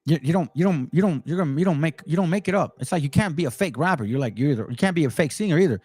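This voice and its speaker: A man's voice: fairly high pitch, lively intonation, rapid-fire, a little mellow, husky. A man hosting a Bible channel, talking bluntly and with fire. He mixes casual commentary with scripture read aloud. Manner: blunt and direct; fiery, emphatic.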